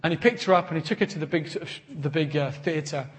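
A man preaching a sermon, earnest and animated, often repeating words as he builds to a point. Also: a little high, fast talker. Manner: animated storytelling with acted quotes. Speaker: pastor.

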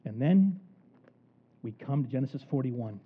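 Animated preacher on a tinny recording. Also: male voice, medium pitch, normal speed, breathy edge. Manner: animated storytelling, acting out the characters. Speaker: pastor. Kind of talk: sermon.

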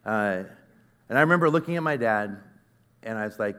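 A middle-aged man preaching to a conference crowd as he tells a personal story. His voice sits on the low side, and he talks in an earnest, conversational way. He gets loud at moments and then drops to a near hush. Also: expressive, a little fast, clear, resonant tone. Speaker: conference speaker. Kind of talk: sermon.

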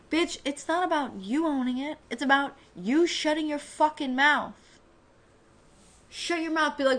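A woman's voice: high-pitched, measured pace. A woman recaps a TV episode in casual podcast chat. She swears freely and slips into the characters' voices as she retells scenes. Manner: profane, animated, acts out characters' lines.

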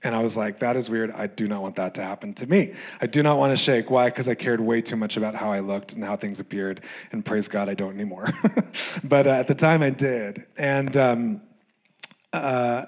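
A young adult male pastor with an American accent, preaching a sermon and telling a personal story with laughs, fillers and lively shifts of energy. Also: medium pitch.

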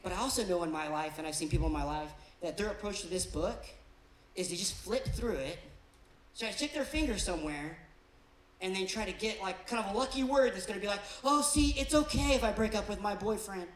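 In a church auditorium, a pastor preaches a conversational sermon in an animated, brisk, medium-pitched voice. The low-quality recording is reverberant, and he sometimes acts out the people he describes in different voices.

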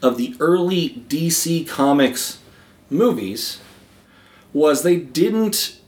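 A man with a slightly high voice talks films in a loose, casual chat. He stumbles and restarts mid-thought. His voice bounces around a roomy, echoing space. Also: lively intonation, a little mellow. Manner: halting, many restarts. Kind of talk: casual film discussion. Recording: roomy echo.

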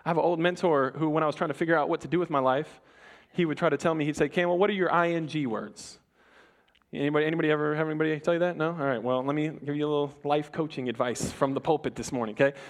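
A young adult man preaching a sermon to a congregation in a conversational, animated way, often restarting his sentences and acting out the people in the story. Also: fairly high pitch, very fast. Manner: conversational, animated, self-interrupting. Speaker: pastor. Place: church before a congregation.

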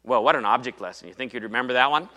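A man delivers a sermon in an animated storytelling manner, playing out the biblical dialogue himself. His voice sits at a middling pitch with a bright, forceful tone. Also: very fast. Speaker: preacher.

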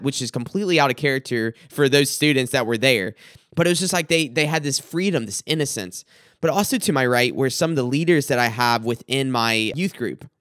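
A man's voice: on the high side, a bit bright, dry recording, clean studio sound. A young adult man, a student pastor, telling a personal dream story in a hesitant way, often restarting and repeating words.

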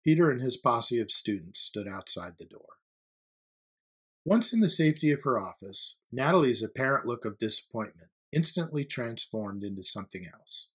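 A man narrating a story as an audiobook reader, with a steady, even-paced storytelling delivery. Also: medium pitch, slightly rough.

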